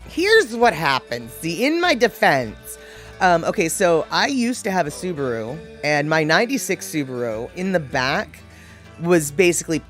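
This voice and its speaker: Lively chatty woman host. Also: lowish voice. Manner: chatty, self-deprecating, opinionated. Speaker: live show host answering viewer comments. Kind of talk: casual chat.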